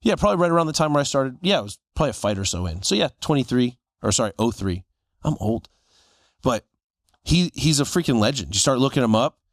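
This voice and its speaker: Animated storytelling man, dry close sound. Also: mid-range voice, quick pace, dry recording. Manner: animated storyteller acting out quoted voices. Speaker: podcast co-host. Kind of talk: casual storytelling chat.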